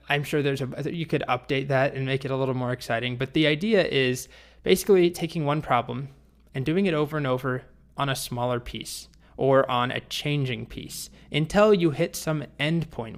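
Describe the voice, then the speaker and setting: A man teaching programming, telling a story in a playful, lively way before the lesson. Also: mid-range voice. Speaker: programming instructor. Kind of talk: storytelling tutorial.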